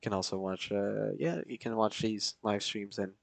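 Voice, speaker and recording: A man's voice: on the low side, moderate pace, gravelly, no room sound. A man streaming a flight simulator, chatting casually with viewers and reading back radio calls. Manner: relaxed, chatty, answers chat with fillers. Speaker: flight sim streamer playing pilot.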